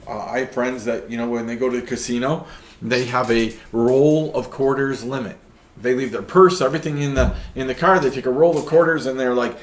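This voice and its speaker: A man's voice: mid-range voice, moderate pace. Preachy male podcast host, roomy echo. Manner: preachy, peppers talk with "right?". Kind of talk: faith discussion podcast.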